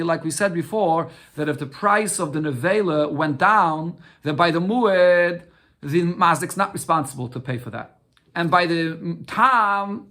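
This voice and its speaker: A man with a fairly high voice teaching a daily Talmud class. He reads short Aramaic phrases and unpacks each one step by step. He often repeats words, then poses questions and answers them himself. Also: a bit bright. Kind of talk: Talmud lesson with Aramaic reading.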